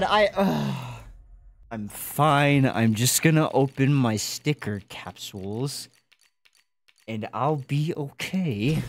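A young adult streamer chatting casually while opening game cases, swearing and yelping loudly when excited. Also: medium pitch, drawn-out words. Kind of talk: casual live-stream commentary.

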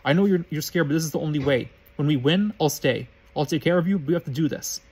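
A man's voice: a little high, fast talker, darkish tone, husky. A man reading aloud the lines of an anxious young male student who urges and pleads with his friends. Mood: pleading. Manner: urgent, insistent pleading. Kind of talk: read-aloud fan fiction.

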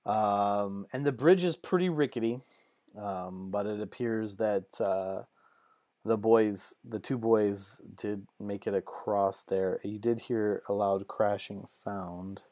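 A woman narrating a tabletop game as game master, halting with many fillers. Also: extremely low pitch, mellow, no echo.

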